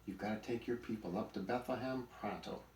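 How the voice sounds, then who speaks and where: A man's voice: fairly low pitch, brisk, darkish tone, a little hiss or hum, natural voice. A man voicing an old male buzzard grandpa in a storybook, sly, teasing and full of wisecracks. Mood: bossy. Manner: wisecracking, chuckling jokes. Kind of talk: storybook character voice. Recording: roomy recording, mic at a distance.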